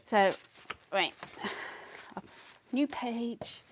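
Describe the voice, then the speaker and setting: Woman live streaming her painting, chatty and a bit scatterbrained, bit breathy, faint noise behind. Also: fairly high pitch, expressive, very slow. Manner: chatty, scattered, laughs often, mutters asides. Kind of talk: casual live-stream chat while painting.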